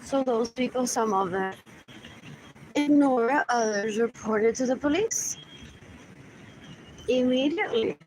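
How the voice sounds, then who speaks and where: A woman's voice: fairly high pitch, slow pace, long pauses, a little mellow, a little hiss or hum, low-quality recording. A woman livestreaming a rambling monologue, muttering and repeating herself as she drifts between English and Spanish. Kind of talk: rambling live stream monologue.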